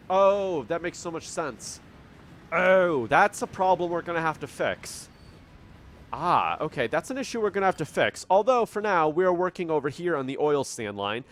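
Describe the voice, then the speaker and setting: Lively man musing over a game. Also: a little high, moderate pace, slight background noise. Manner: thinking aloud, puzzled, self-correcting. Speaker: gameplay commentator. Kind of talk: casual gameplay commentary. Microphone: studio dynamic microphone.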